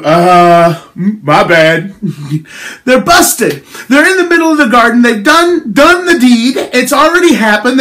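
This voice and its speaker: Uomo dalla voce alta che predica con fervore. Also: male voice, high-pitched, fairly bright tone. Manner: earnest and exhorting. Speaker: devotional preacher. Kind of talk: spoken daily devotional.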